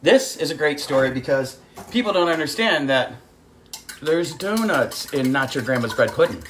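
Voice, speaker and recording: A woman's voice: low-pitched, animated, normal speed. Woman cooking host, casual kitchen livestream, talkative storyteller who calls the audience kids, faint noise in the room. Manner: chatty storyteller, greets viewers by name, calls audience kids. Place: home kitchen.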